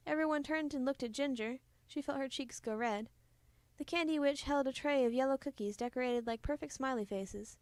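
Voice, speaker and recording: Woman, storybook reader, high voice, gentle, expressive, dry close recording. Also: a little fast, no echo. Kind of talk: reading a children's book aloud.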